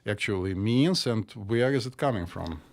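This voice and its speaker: A man's voice: lowish voice, expressive, moderate pace. A middle-aged man from the former Soviet Union, a psychiatrist co-hosting a casual chat with dry jokes and slightly stiff phrasing. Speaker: podcast co-host, psychiatrist.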